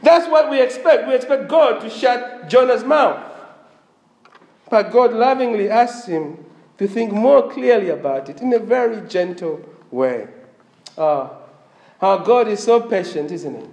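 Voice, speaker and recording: A man's voice: sits high, animated, unhurried, gravelly, darkish tone, reverberant. A man preaching a sermon, with a slightly strained voice, asking the congregation questions as he goes. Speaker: pastor.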